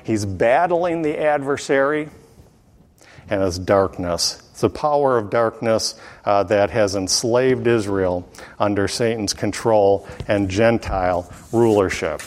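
A man giving verse-by-verse Bible teaching in an unhurried way, often pausing with fillers and clearing his throat. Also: on the low side, a little mellow, big-room sound.

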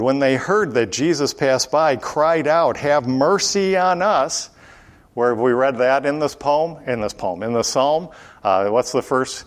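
Man teaching the Bible verse by verse. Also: mid-range voice. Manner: asks the listeners questions and answers them himself; reads scripture aloud in a raised voice.

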